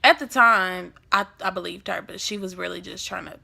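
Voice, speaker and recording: Young woman vlogger, animated storyteller, bright voice with some fry. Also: fairly low pitch, normal speed. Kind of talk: storytime vlog.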